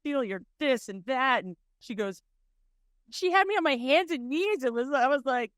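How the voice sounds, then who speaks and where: A woman's voice: high-pitched, lively intonation, normal speed, no room sound, clean studio sound. Laughing woman. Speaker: podcast co-host. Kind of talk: casual chat.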